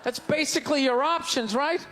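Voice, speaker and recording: A man doing a live stand-up routine, ranting incredulously with bursts of shouting. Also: extremely high pitch, normal speed, some chatter behind, slight background noise. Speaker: stand-up comedian. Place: comedy stage before a live audience. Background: faint audience laughter.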